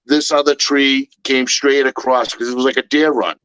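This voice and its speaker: A man co-hosting a podcast, telling a story in casual chat with a rambling, halting way of talking. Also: medium pitch, steady tone, fairly bright tone, smooth, no echo, rough recording.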